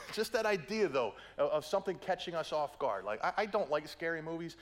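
Man, middle-aged, preacher, sermon, slightly high voice, playful, acts out quotes. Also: lively intonation, a little fast. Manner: playful storytelling, acts out quotes, keeps asking "right?".

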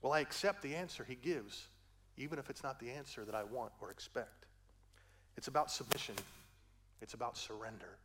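An older man preaching a sermon as pastor, moving between hushed gentle passages and loud rising climaxes, with folksy asides. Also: mid-range voice, a little fast, very noisy.

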